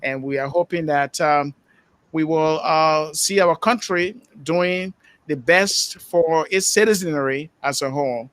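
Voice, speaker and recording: Upbeat Liberian-accented podcast host, clear resonant voice, fairly high. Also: male voice, a little slow, a bit bright, no echo. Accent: Liberian English. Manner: upbeat, with many uh fillers. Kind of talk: live podcast sign-off.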